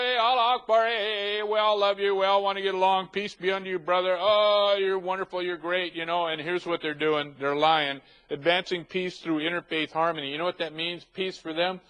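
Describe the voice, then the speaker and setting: A man's voice: on the high side, a bit bright, poor audio. A man hosting a talk show, delivering emphatic, ranting commentary and stacking long lists.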